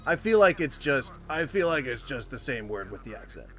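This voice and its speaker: A man's voice: mid-range voice, normal speed, soft background music. A man streaming casual commentary while reacting to videos, rambling and cutting himself off mid-thought. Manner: rambling, self-interrupting, animated.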